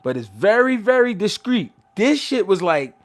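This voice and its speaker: His voice sits high and his pace is moderate as this Philadelphia show host tells laid-back stories. He's animated and profane, talks in heavy slang, and keeps starting sentences fresh.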